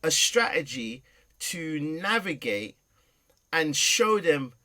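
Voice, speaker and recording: A middle-aged man, a podcast guest, telling personal stories with passion, swinging between loud and soft. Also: on the high side, big pitch swings, slow pace. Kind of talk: emotional personal storytelling.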